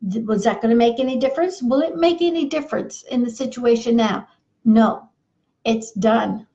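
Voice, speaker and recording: A woman's voice: a little high, moderate pace, mellow, lo-fi sound. A woman coaching couples in an earnest, repetitive, folksy monologue while losing her voice. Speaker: marriage coach. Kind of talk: advice monologue.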